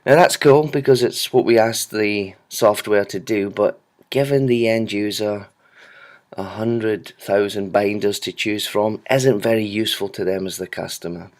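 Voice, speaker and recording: A man giving a relaxed, conversational walkthrough of a software storefront, with frequent ums. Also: fairly low pitch, unhurried. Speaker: software product presenter. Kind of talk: screen-recorded product walkthrough.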